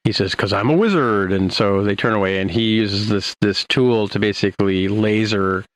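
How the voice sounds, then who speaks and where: A man hosting a podcast, recapping an episode in a rambling, halting way with many restarts. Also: on the low side, level tone, no room sound, low-quality recording. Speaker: podcast host.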